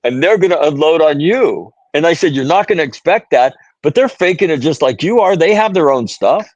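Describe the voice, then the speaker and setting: A man's voice: on the high side, lively intonation, fairly quick, darkish tone, no room sound, dull audio. A middle-aged American man telling stories in conversation, earnest, often asking "right?" and restarting phrases. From United States. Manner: repeats "right?", many restarts, quotes others. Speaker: podcast guest, author.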